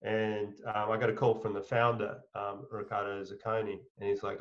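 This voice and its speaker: A man's voice: on the low side, little pitch movement, moderate pace, hardly any pauses. Rambling, swearing man telling a story. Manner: rambling, with many fillers, restarts and swearing; chuckles while telling a story. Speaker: interview guest. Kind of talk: casual anecdote telling. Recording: slightly muffled audio.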